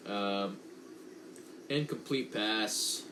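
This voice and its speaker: A man's voice: on the low side, very slow, pushed and bright, slight background noise. A young man giving casual, unpolished play-by-play commentary on a football game from home, correcting himself and chatting between plays. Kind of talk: casual watch-along commentary.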